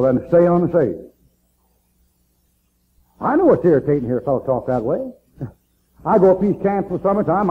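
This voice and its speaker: A man's voice: on the high side, a little hiss or hum. A man preaching a fiery sermon in a church, folksy and emphatic, repeating lines for effect. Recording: tinny, phone-like old tape recording.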